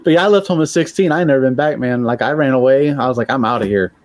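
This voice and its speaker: A man's voice: medium pitch, very fast, no echo. A man, telling blunt, profane stories in casual podcast chat and acting out the voices of people he quotes. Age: 40s. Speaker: podcast co-host.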